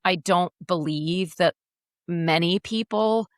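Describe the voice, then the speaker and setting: A woman in her forties, an educator speaking as a podcast guest, telling her story in a frank, animated, often profane way. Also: fairly low pitch, normal speed, creaky, dry recording, clean studio sound. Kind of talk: candid casual interview.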